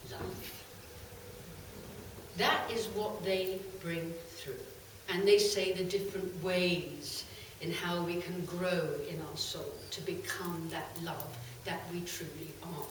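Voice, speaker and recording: A middle-aged woman tells stories to a live audience, her pitch swinging high and low. Her voice reaches the microphone from a distance and rings around a large, very echoey hall. A faint noise hums underneath. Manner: lively, animated storytelling with bursts of laughter. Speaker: channeler giving a talk. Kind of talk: storytelling talk to a live audience.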